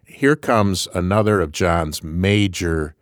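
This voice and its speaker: A man's voice: sits low, slow pace, no echo, clean studio sound. A man co-hosting a radio Bible program, explaining passages in a reflective, conversational way.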